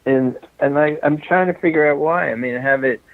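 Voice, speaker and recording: A man's voice: a little high, a little fast, no room sound. An older man, a film director, telling rambling anecdotes in a casual interview, chuckling and restarting his sentences, a bit out of breath as he walks around. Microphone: phone call. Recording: tinny dry phone line.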